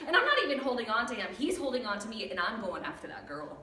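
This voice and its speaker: Animated woman telling stories in an echoey hall. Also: on the high side, fast. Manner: animated, acts out voices of her family. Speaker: storyteller on stage. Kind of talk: humorous personal storytelling talk. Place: church hall with an audience. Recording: echoey hall, recorded from far off.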